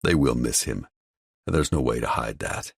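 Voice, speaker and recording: A man narrating an audiobook in the first person, telling the story in a measured, brooding way. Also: rumbling low, creaky, slightly rough, no room sound, studio quality.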